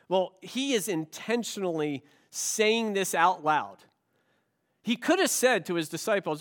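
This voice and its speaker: A man with a high-pitched voice delivers a church sermon. He preaches in a conversational way, trading stories and rhetorical questions with the congregation, and his voice carries up to fairly high notes. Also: lively intonation, measured pace, fairly bright tone. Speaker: pastor.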